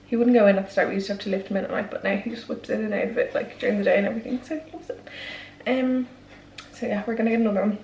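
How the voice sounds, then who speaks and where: A woman's voice: mid-range voice, fairly even intonation, very fast, a little mellow, reverberant, recorded from a distance. A young Irish woman vlogging in a casual, rambling way, with lots of "like" and "literally". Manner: chatty, rambling, fills talk with "like" and "literally". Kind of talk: casual chat to camera. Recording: noisy background ambience.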